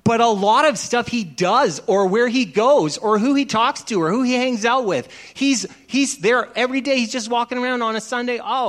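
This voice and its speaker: High-voiced man preaching casually. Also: fairly bright tone. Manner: chatty storytelling, acts out dialogue. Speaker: pastor. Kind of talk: conversational sermon.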